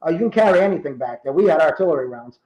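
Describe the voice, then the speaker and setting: A man in his fifties from Rhode Island, telling true stories in casual talk and acting out the quoted dialogue with lively energy. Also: on the high side, very fast, reverberant, rough recording. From Rhode Island, USA. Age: 50s. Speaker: guest. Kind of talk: casual storytelling.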